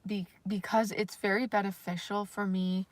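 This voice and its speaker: A woman's voice: medium pitch, flat delivery, moderate pace, no room sound. A woman vlogger talking casually on a livestream, rambling and self-conscious, with lots of fillers and the odd swear word.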